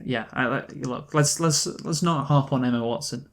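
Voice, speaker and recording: A man's voice: mid-range voice, normal speed. Young man hosting casual film chat. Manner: casual, hesitant restarts, joking. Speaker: co-host of a film review show.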